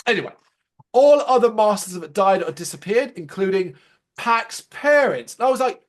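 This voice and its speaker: High-voiced sarcastic man ranting. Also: moderate pace. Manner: animated, sarcastic, swears freely. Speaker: podcast co-host. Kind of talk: casual review chat.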